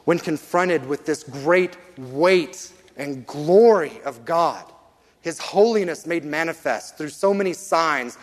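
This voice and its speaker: A man preaching a sermon, reading scripture aloud and slowing down earnestly to stress key lines. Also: a little high, long reverb tail. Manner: earnest, measured, slows for emphasis.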